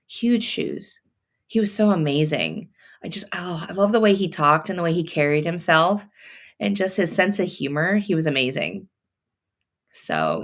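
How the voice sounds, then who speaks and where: A woman's voice: sits low, gravelly. A woman hosting a sewing live stream, chatting and reading viewer comments aloud as she works. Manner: thinks out loud, many fillers and restarts. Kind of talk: casual live-stream chat.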